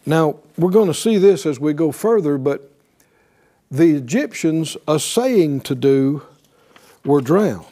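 A man's voice: a little high, lively intonation, slow pace, dark tone. A man preaching a sermon, emphatic, often asking his listeners "right?" and reading scripture aloud. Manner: emphatic, calls for responses with "right?"; reads scripture aloud, shifts into voiced quotes.

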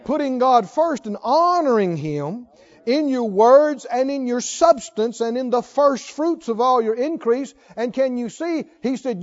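A man preaching a sermon as pastor, reading scripture and rising to shouted exhortations to the congregation. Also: extremely high pitch, animated, measured pace. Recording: dull lo-fi sermon recording.

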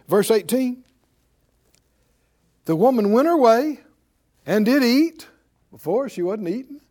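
A man delivers a sermon with a notably high, very animated voice that climbs and dips constantly. He talks conversationally and keeps prodding his congregation with questions. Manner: conversational preaching, calls out to congregation. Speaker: preacher.

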